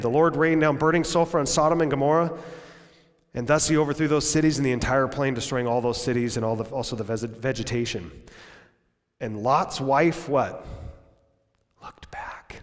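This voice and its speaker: A man, the pastor, preaching a lively sermon in a church. He acts out bits of dialogue in raised voices and drops to low, quiet tones for emphasis. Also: moderate pace. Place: church sanctuary. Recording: long church reverb.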